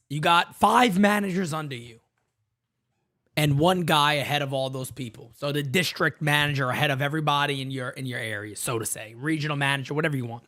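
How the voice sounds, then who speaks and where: Animated, high-voiced podcast host man. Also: a little fast. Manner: animated, hypes up callers, shouts catchphrases. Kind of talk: live show reading voicemails.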